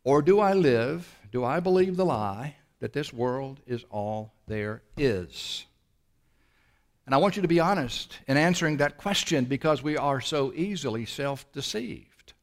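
A man preaching a sermon as pastor, pressing his listeners with rhetorical questions and shifting between quick bursts and slow, drawn-out phrases. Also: medium pitch, animated.

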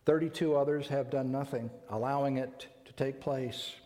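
An older man from the United States delivers a sermon in an emphatic, deliberate way, stretching out the words he wants to land. His voice sits at an ordinary middle pitch for a man. It rings with a long reverb. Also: steady tone, dark tone. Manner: emphatic, deliberate, slows down to stress key words. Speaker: preacher.

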